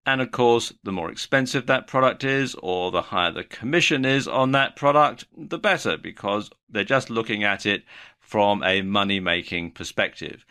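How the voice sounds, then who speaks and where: A man's voice: fairly low pitch, normal speed, pushed and bright, clear, resonant tone. A man giving a video lesson on online marketing, explaining in a mildly sardonic way.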